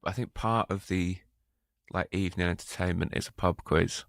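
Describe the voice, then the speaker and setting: A podcast co-host with a very low, gravelly voice chats at normal speed in a relaxed, dry, self-deprecating manner. The recording is close and dry, with no room around it.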